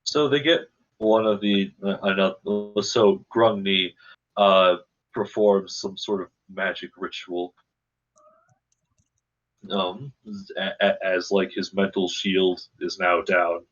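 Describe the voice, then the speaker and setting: A deep-voiced man narrates as game master in a tabletop game, slow and searching for his words. His mic sounds dull and lo-fi. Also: fairly even intonation, a bit bright. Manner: hesitant, searching, many fillers.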